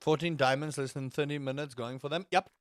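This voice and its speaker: A male gaming streamer talking to his chat in a loose, joking way, with the odd swear word thrown in. His voice sits on the higher side for a man. The sound is close and dry, with no room on it. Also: steady tone, brisk, dry recording. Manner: chatty, joking, swears freely. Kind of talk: casual game commentary.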